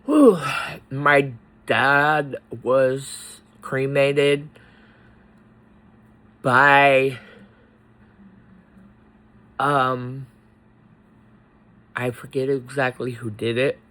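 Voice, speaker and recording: A man talking in a personal vlog, halting and choked up, pausing often between words. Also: medium pitch, flat delivery, bright, forceful tone, low-quality recording. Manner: slow, halting, with many pauses and fillers. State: tearful, choked up. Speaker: faith vlogger.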